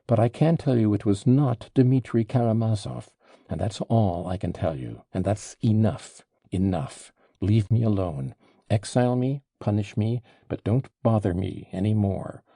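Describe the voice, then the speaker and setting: A man's voice: on the low side, measured pace, vocal fry, dark tone, no echo, studio quality. A man reading an audiobook, voicing an agitated, proud young man under arrest in impassioned, indignant outbursts.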